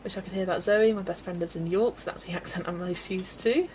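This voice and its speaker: A woman's voice: fairly low pitch, fairly even intonation, fairly quick, darkish tone, slight background noise, rough recording. A woman from England's West Country, chatting casually and laughing often as she reads out viewer comments while colouring on a livestream. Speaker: livestream host.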